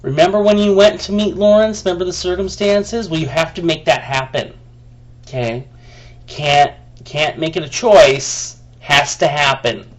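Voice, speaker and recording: A man's voice: on the high side, steady tone, normal speed. A man venting to the camera in a heated, profane rant. He often restarts his sentences, and he talks to himself by name. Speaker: vlogger.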